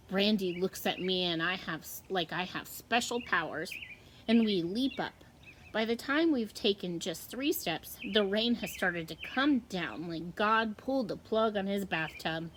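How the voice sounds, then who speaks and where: A woman teacher reading a novel aloud with slow, expressive storytelling. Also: mid-range voice, a little hiss or hum.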